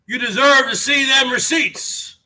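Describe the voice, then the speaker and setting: High-voiced guy ranting on his stream, slow and drawn out, keeps badgering the chat and yelling. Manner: ranting, badgering viewers with repeated questions; shouts to whip up the audience. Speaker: live-stream host. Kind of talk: ranting live-stream commentary.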